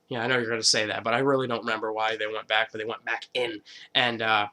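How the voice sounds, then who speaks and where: A man's voice: fairly low pitch, level tone, fast talker, sharp tone. A man giving a casual, rambling recap of a TV episode, full of swearing and fillers. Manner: rambling, profane, lots of fillers. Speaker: vlogger.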